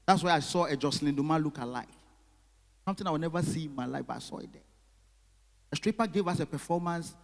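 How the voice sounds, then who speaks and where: A male stand-up comedian, telling stories and chatting with the audience in an animated way. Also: fairly high pitch, fast talker, creaky, pauses often. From Ghana. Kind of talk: stand-up comedy with crowd work. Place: live comedy venue. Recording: long hall reverb.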